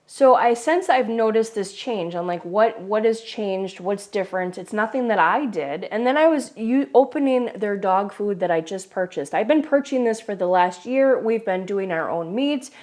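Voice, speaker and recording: A woman chatting to her camera in a casual, storytelling way, mid-pitched and conversational. She talks animatedly and often restarts a sentence partway through. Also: a little mellow. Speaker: host.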